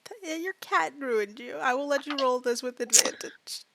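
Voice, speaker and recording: Bright-voiced young woman game master. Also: sits high, creaky. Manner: fast, filler-heavy narration with laughs. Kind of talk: narrating a tabletop game.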